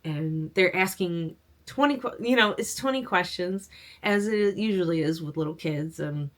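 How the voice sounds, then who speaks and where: A woman's voice: lowish voice, normal speed. A young adult woman, a crochet business owner, chatting casually and telling upbeat stories with frequent laughs. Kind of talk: casual chat.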